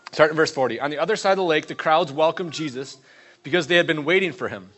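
A man's voice: a little high, sharp tone. A man preaching a conversational sermon, stressing points with repeated questions and short reading passages. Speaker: pastor.

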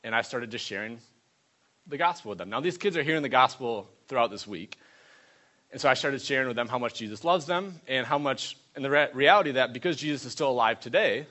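A man preaching, telling a lively testimony story and acting out the people in it. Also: medium pitch, brisk. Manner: animated storyteller voicing others in quotes.

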